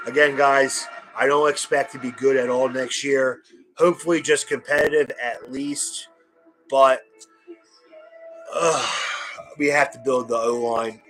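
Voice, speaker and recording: A young man reacting live as a nervous fan, talking anxiously and excitedly and repeating himself. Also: mid-range voice, poor audio. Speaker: fan host reacting to draft.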